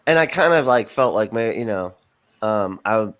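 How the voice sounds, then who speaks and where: A man with a lowish voice talks loosely on a podcast. His sound is close and dry, with no room around it. He rambles, fills gaps and laughs often. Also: expressive, moderate pace, fairly bright tone, no echo. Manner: rambling, lots of fillers and laughs. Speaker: podcast guest. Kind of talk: casual podcast chat.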